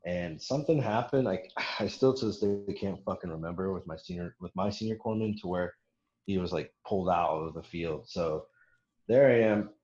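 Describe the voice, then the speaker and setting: A young man spins a profane, laughing story for his podcast co-hosts, jumping into loud impressions of the people he met. His voice sits on the low side. The recording is roomy and a little dull, like a lo-fi home setup. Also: moderate pace. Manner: profane, laughing, quotes others in animated bursts. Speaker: podcast co-host telling a story. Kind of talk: casual storytelling chat.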